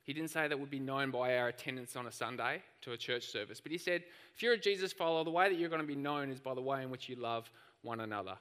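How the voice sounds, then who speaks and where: Bright-voiced preacher in a church hall. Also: male voice, mid-range voice, quick pace, clear, resonant tone. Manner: animated storytelling preacher. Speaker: pastor. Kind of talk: sermon.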